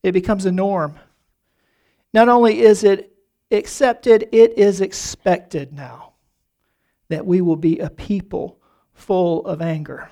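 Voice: medium pitch, fairly even intonation, takes it slowly, pauses often, mellow. A pastor preaching a sermon in a church, talking earnestly and often doubling the first word of a phrase. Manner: earnest, repeats words while starting phrases.

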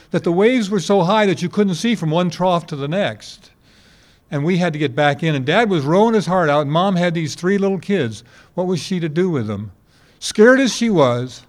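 A man in his eighties preaching a sermon to a congregation, telling folksy stories and asking rhetorical questions. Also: on the high side. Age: 80s. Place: before a congregation.

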